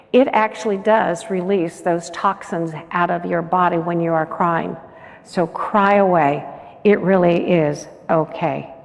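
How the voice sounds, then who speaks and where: A woman with a medium-pitched voice and noticeable vocal fry gives a motivational talk as keynote speaker. Earnest and persuasive, she poses frequent questions to listeners in a big, echoey conference hall.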